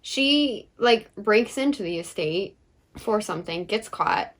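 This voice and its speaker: A woman's voice: mid-range voice, animated, takes it slowly. A young woman co-hosting a book vlog, chatting casually with lots of fillers and frequent laughs. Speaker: book vlogger co-host. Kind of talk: casual chat.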